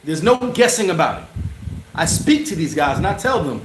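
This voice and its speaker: A man hosting a casual livestream, answering chat in an animated, slangy way and laughing often. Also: high-pitched, fast talker. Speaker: channel host answering live chat. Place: bar. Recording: roomy with loud background noise.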